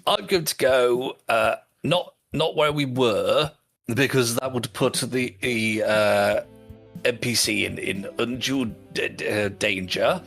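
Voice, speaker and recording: A man's voice: medium pitch, slow pace, a bit bright, faint music behind. A man chatting casually as a player in a tabletop game, playful and scheming.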